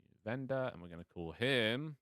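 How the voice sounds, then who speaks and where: A man's voice: medium pitch, expressive, normal speed, a bit bright, no room sound, studio quality. A man as game master, narrating a tabletop game on a casual live stream in a rambling, self-mocking way with fillers and swearing.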